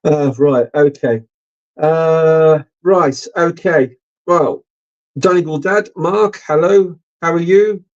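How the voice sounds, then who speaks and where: A man's voice: fairly high pitch, slow pace. A middle-aged man hosting a casual live stream, rambling and swearing with lots of ums. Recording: dull lo-fi stream audio.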